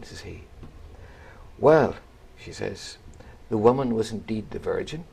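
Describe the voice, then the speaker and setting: A man's voice: on the low side, expressive, unhurried, creaky, long pauses, mellow, breathy edge. A man, a radio guest, telling a rambling anecdote full of quoted voices. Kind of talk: storytelling in a radio chat.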